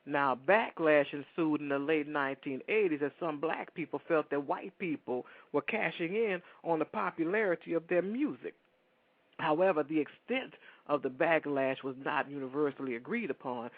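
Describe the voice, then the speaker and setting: A man's voice: a little high, normal speed, no echo. A man hosting a radio show, chatting in a rambling way and talking straight to his listeners. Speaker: radio host. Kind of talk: casual radio talk. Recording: dry, phone-like lo-fi sound.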